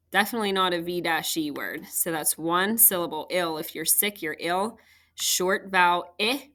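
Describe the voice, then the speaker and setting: Slow, bright-voiced woman teaching phonics. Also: fairly low pitch. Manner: patient, step-by-step, talking to young students. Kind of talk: phonics lesson walkthrough.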